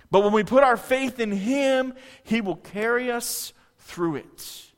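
A pastor gives a sermon with a fairly high-pitched voice and an easy, conversational delivery. He keeps turning to the congregation with questions and often restarts his sentences. His voice rings out with a long reverb, as in a large church hall. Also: slow.

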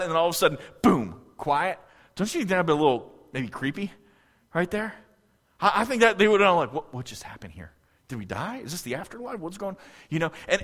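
A pastor gives a sermon with a fairly high-pitched voice and an easy, conversational delivery. He keeps turning to the congregation with questions and often restarts his sentences. His voice rings out with a long reverb, as in a large church hall. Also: fairly bright tone.

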